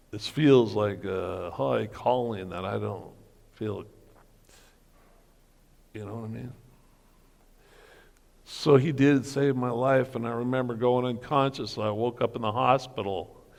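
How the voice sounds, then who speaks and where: A middle-aged man giving an earnest personal testimony as a guest speaker, telling his story slowly. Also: mid-range voice, gravelly, long reverb tail. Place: church hall breakfast gathering.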